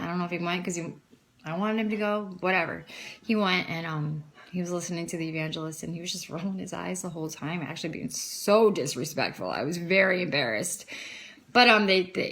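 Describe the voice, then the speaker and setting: A woman's voice: mid-range voice, creaky, sharp tone. A woman talking casually into the camera, telling an emotional, rambling story of her faith, often quoting herself and others. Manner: emotional, rambling, frequent "I'm like" quotes. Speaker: vlogger sharing testimony. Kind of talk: casual personal testimony.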